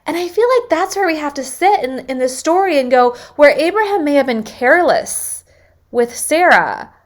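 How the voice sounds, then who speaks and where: A woman's voice: high-pitched, expressive, moderate pace. A woman teaching a Bible devotional in an earnest, conversational way, sometimes using filler words. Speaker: devotional speaker.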